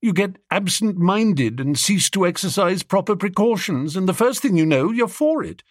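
A man voicing a lovesick young gentleman who talks earnestly and anxiously. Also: high voice, lively intonation, moderate pace, no echo, clean studio sound, voice pushed up. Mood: fretful. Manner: earnest, fretful, pleading.

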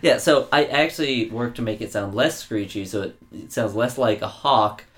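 A man's voice: mid-range voice, moderate pace. A man co-hosting a casual podcast, joking around and rambling with lots of fillers and restarts. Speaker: podcast co-host.

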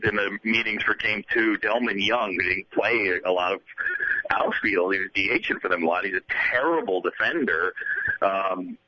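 A man's voice: sits low, moderate pace, lo-fi sound. A man who is a baseball broadcaster, chatting casually as a radio guest with a rambling, restart-heavy delivery. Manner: rambling, many restarts and "you know". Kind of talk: casual radio interview chat.

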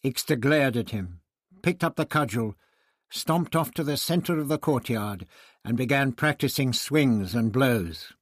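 A man narrates a story in a slow, measured manner. His voice is husky and moves expressively across its range. The recording is close and dry. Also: mid-range voice, animated, no echo. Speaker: audiobook narrator. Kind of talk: scripted narration.

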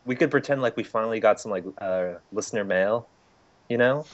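Male co-host, low voice, playful banter, dull call audio. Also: brisk. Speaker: podcast co-host. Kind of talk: casual chat over a call. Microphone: internet voice call.

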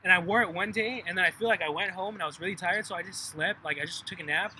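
A man's voice: high-pitched, fast, pushed and bright, a little hiss or hum, low-quality recording. A young man telling rambling stories among friends, swearing a lot and acting out what people said. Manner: rambling storyteller, heavy swearing, acts out quotes. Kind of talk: casual chat among friends.

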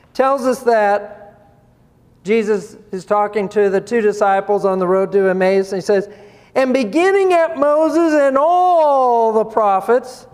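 A man with a very high voice preaches slowly and deliberately. He poses rhetorical questions and chuckles between points, and his voice rings with a long reverb that hangs in a big hall. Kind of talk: sermon.

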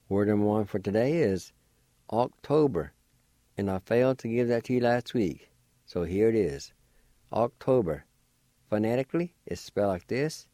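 Male radio language teacher, patient and encouraging, with a low-key, mellow voice and very slow, careful delivery. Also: expressive, no room sound. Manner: slow, careful spelling out and sounding of words.

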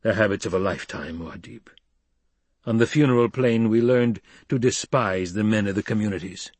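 A man's voice: lowish voice, normal speed, a little mellow, no echo, natural voice. A man reading an audiobook, voicing a proud, wary male desert tribal chief who speaks bluntly and mutters. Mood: rueful.

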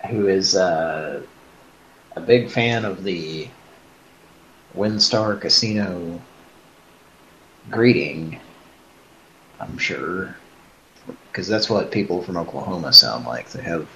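Man, stream host, casual chat, hesitant, self-mocking, deep, slow. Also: lively intonation, creaky, pushed and bright, slight background noise, poor audio.

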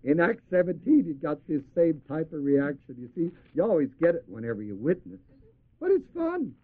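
A male preacher with a fairly high voice that rises and falls with real animation. He chuckles often and keeps stopping so his listeners can call out the end of a verse. The sound is thin and tinny, close to a phone line. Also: big pitch swings, normal speed, slightly rough. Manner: asks the audience to finish verses. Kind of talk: sermon. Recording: tinny lo-fi tape recording.

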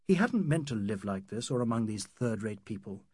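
A man reads a classic novel aloud in a measured, wry manner. His voice is slightly husky and a touch high, with lively rises and falls, recorded close and dry with no room sound. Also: no echo. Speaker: narrator. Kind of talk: audiobook narration of a classic novel.

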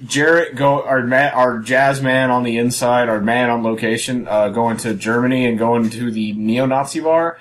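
A man's voice: mid-range voice, fairly even intonation, normal speed, hardly any pauses. A man co-hosting a podcast in casual chat, giggly and jokey. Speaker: podcast co-host.

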